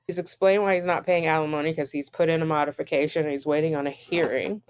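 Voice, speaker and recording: A woman's voice: sits low, steady tone, fast talker, darkish tone, smooth. A woman reading court filings aloud and breaking off into dry, sarcastic commentary. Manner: sarcastic, dryly incredulous asides. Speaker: online commentator.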